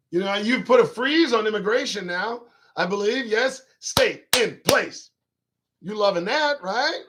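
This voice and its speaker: A man's voice: high voice, animated, slow, background noise. A man hosting his own talk show, riffing in a casual live-stream monologue to viewers' chat, profane, rambling and emphatic.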